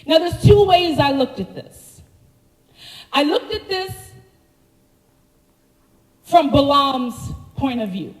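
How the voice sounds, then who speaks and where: A woman preaching a sermon, telling the story with animated slangy asides to the congregation. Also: high-pitched, slow, pauses often, roomy sound, big-room sound, low-quality recording. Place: church sanctuary.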